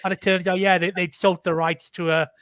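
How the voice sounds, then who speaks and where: A man's voice: sits high, level tone, brisk, fairly bright tone, no room sound. A man with a Welsh accent, the guest author in a casual online chat, talking candidly with many restarts.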